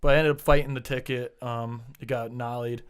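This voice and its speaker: A young man, a podcast guest, casually telling an animated story and swearing freely. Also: medium pitch, brisk, smooth. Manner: animated, swears freely, acts out shouted quotes.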